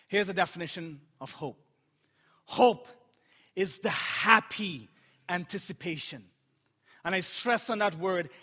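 A man's voice: high-pitched, measured pace, long pauses, pushed and bright. A man preaching a sermon as pastor, impassioned and joking with his congregation now and then. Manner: impassioned, playful asides to the congregation. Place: church sanctuary. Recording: long hall reverb.

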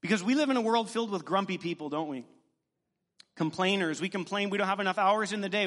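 A man, a pastor, preaching a sermon to his congregation with animated, joking asides. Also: high voice, brisk. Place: church sanctuary. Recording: long reverb in a church hall.

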